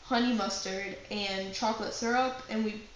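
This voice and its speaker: A young woman telling a personal prank story to her acting class, with lively asides and a chatty delivery. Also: medium pitch, moderate pace. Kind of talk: personal anecdote told to a class. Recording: very echoey room with faint background noise.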